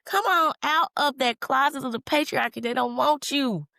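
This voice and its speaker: A woman's voice: high-pitched, moderate pace, vocal fry, sharp tone, dry recording, clean studio sound. A woman in her thirties hosting a solo podcast, candid and profane, drifting between tangents and calling listeners honey. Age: 30s. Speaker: podcast host.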